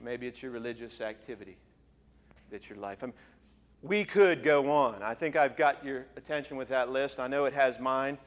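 A man preaching a sermon as pastor, emphatic, with forceful repeated phrases. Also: mid-range voice, moderate pace, big-room sound, muffled recording. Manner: emphatic, rising to forceful repetition.

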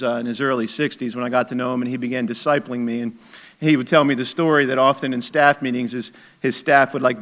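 A man's voice: medium pitch, a bit bright. A middle-aged man preaching a sermon as a pastor, conversational and emphatic, with chuckling asides.

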